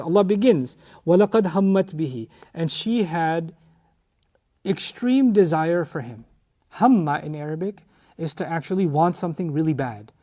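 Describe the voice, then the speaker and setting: A man's voice: sits high, darkish tone. A man giving a lecture on Quran commentary, explaining Arabic words step by step, repeating key phrases and reciting verses. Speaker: Quran teacher.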